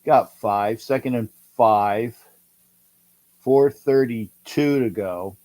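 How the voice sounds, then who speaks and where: Slow-talking excitable man calling a game. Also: medium pitch. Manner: excitable, urging and repeating himself. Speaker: livestream host. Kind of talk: live game-watch commentary with chat.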